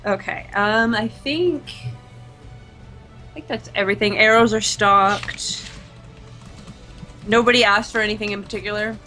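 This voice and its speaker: Female player, bright crisp tone, cheerful, mid-pitched. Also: unhurried, long pauses, faint music behind, poor audio. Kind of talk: casual role-play chat.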